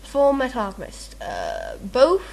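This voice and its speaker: A woman's voice: fairly high pitch, huge pitch swings, unhurried, vocal fry, slightly rough. A woman rambling through a questionnaire in casual chat, giggly and self-mocking, with lots of ums and uhs. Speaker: video maker answering a meme questionnaire.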